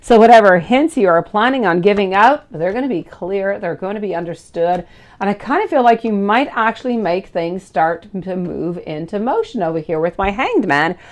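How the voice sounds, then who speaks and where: A woman in her thirties reads tarot cards on a live stream, talking to viewers in a chatty, affectionate way. She keeps calling them sweetie and beautiful. Her voice sits at an ordinary middle pitch for a woman. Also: darkish tone. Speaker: tarot reader.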